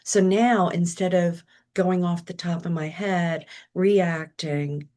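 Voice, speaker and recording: A woman's voice: lowish voice, steady tone, slow pace, mellow. A middle-aged woman talking as a podcast guest, reflective and acting out her own inner thoughts as she goes. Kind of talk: casual interview talk.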